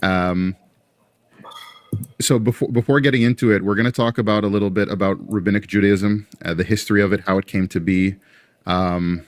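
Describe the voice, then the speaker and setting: A man with a deep, low voice hosts an interview over a video call. He speaks to his guest with hesitant deference. The sound is dry and close, with no room echo. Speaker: interview host.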